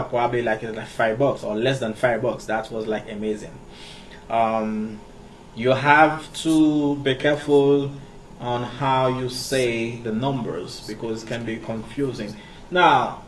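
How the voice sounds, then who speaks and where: Slow, halting man teaching. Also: mid-range voice. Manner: halting, repeats words, many fillers. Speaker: English teacher. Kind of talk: casual teaching monologue. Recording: distant mic with faint background noise.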